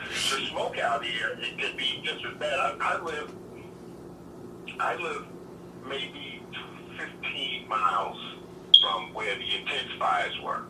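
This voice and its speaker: A man calling in to a talk show by phone, who speaks hesitantly and often restarts his sentences. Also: mid-range voice. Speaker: guest caller. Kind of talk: casual phone conversation. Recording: echoey distant phone line with noise.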